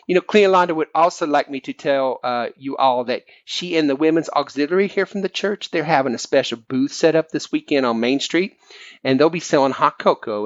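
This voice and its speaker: A man's voice: mid-range voice, dry recording, muffled recording, natural voice. A man voicing a self-appointed preacher who blesses his friends while slyly insulting them, in a sing-song preachy manner. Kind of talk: comic preacher impression on a fan podcast.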